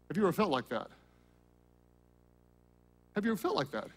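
A male pastor preaching a sermon, acting out Bible scenes in voices and dropping to a low hush at solemn moments. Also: big pitch swings, a little fast, pauses often, slightly rough.

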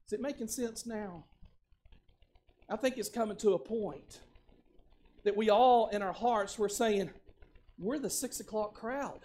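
A man preaching a sermon as pastor, conversational, often repeating words and building up to shouted lines. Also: high-pitched, unhurried, pauses often.

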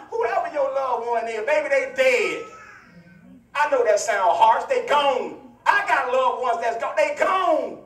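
A man's voice: very high voice, a little slow, fairly bright tone. A male pastor preaching a teaching sermon, playful and hollering, trading call-and-response with his congregation. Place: church sanctuary. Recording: echoey church, voice from far off mic.

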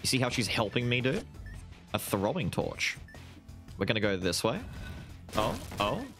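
A young man talks through a game run with constant excitement, and his pitch swings widely as he reacts. He throws "dude" into nearly every thought. Soft game music plays faintly underneath. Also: normal speed. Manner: excitable, exclamatory, says "dude" often. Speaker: gaming video host. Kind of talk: excited gameplay commentary.

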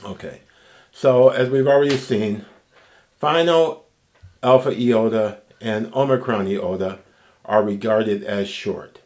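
A male teacher walks through a Greek grammar lecture, pausing often to ask "okay?". His voice sits low. He talks at an unhurried, deliberate pace. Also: darkish tone, slight background noise. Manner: slow, patient explanation with frequent "okay?" checks. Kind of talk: recorded language lecture.

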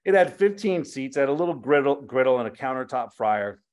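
A man's voice: mid-range voice, brisk. A middle-aged man, a chef and restaurateur, telling stories in a casual interview and acting out the dialogue as he goes. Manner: animated, acts out quoted dialogue, swears casually.

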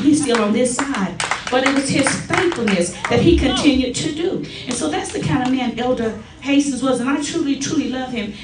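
A woman's voice: on the high side, recorded from a distance, slight background noise. Middle-aged woman telling stories in an echoey church. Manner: lively storytelling, acting out quotes. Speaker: church member giving a tribute. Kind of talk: personal testimony at a church service. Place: church sanctuary.

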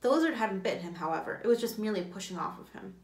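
A woman's voice: medium pitch, expressive, racing, darkish tone. A woman, a teacher, reading a novel aloud, with occasional slips and self-corrections. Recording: echoey room.

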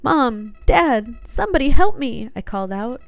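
Pitched above her own voice, a woman reads a sinister flower's game lines in a slightly theatrical put-on voice, coldly confiding, the character soulless and manipulative. Her slightly high voice swings widely in pitch at normal speed with vocal fry, recorded without room sound over soft background music.

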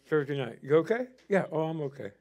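A middle-aged male pastor delivering a sermon in a notably high voice. He talks through a personal story with fervor and builds to near shouting at the height of his points. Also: very animated, brisk.

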